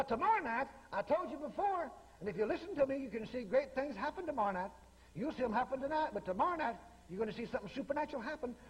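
A man preaches a revival sermon in a bold, emphatic manner, repeating his key phrases. His voice sits very high and swings widely in pitch. Long reverb from a large hall trails each line. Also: lo-fi sound.

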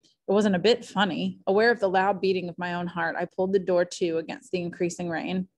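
A woman reading a classic novel aloud at home, with clear, expressive storytelling. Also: lowish voice, a little fast. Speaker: audiobook reader.

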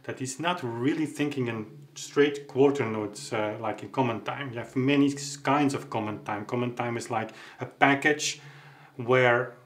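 A man teaching music, thinking aloud with halting restarts and tag questions as he explains a piece. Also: mid-range voice. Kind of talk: explaining while practicing at the keyboard.

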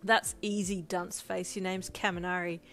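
A woman narrator plays a bold teenage girl in a storybook, sarcastic and cheeky while trying to sound tough. Middle pitch, quick retorts. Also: faint music behind, natural voice. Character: cheeky teenage girl faking a boy's gruffness.

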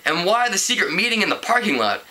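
A man's voice: high voice, sing-song, fast talker, sharp tone, pitched above the performer's own voice, exaggerated voice, low-quality recording. A man reading aloud and voicing a confident, scheming teenage boy.

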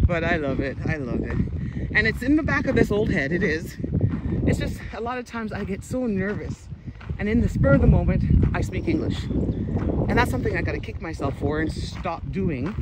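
A middle-aged woman chatting casually in a walking vlog, rambling excitedly as she films on her phone outdoors in the countryside. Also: lowish voice, normal speed, long pauses. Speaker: vlogger. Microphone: phone camera held while walking. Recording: loud outdoor background noise. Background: loud outdoor noise.

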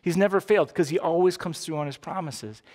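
Emphatic higher-voiced pastor in his fifties. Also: a little fast, darkish tone. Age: 50s. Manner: earnest, rising to emphatic peaks then dropping low. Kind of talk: sermon.

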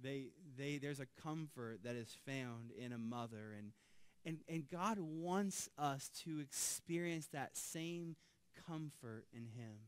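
A man, a pastor, preaching a sermon, swelling loud on key phrases and dropping soft on asides. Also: mid-range voice, slow pace, clean tone, no echo.

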